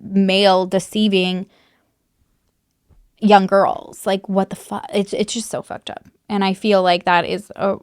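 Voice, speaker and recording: A woman's voice: mid-range voice, little pitch movement, a little slow, clear, resonant tone, no echo, studio quality. A woman giving casual true crime commentary to camera, candid and swearing freely, with lots of likes and you knows, while recovering from an illness.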